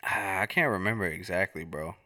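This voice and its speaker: A man's voice: low voice, fairly quick, bright, forceful tone, no room sound, clean studio sound. A young man co-hosting a podcast, telling stories in casual slangy chat. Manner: laid-back slangy storytelling. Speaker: podcast co-host.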